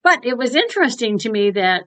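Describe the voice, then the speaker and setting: A woman's voice: on the high side, sing-song, fairly quick, fairly bright tone, dry recording. A woman co-hosting a casual spiritual chat, frank and blunt, swearing freely and acting out conversations as she retells them. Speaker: co-host.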